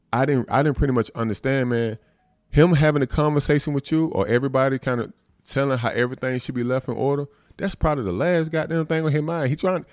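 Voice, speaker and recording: A man's voice: mid-range voice, darkish tone, no room sound, studio quality. A man hosting a live stream, talking bluntly and from the heart in streetwise slang, swearing freely and often asking "you know what I'm saying". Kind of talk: candid motivational talk.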